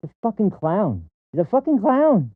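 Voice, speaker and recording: A man's voice: sits high, wildly swooping pitch, normal speed, no echo, phone-quality sound. A man streaming commentary on a debate clip, mocking and profane. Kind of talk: casual commentary rant.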